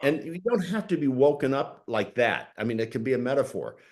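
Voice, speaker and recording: A man hosting a conversation, animated, often laughing as he tells stories. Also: mid-range voice, brisk. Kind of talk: conversational interview.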